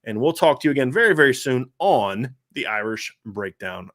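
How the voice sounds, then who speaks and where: Male sports podcast host, conversational and rambling, average pitch. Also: animated, moderate pace, a bit bright. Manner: chatty, rambling with filler words. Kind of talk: casual sports talk show.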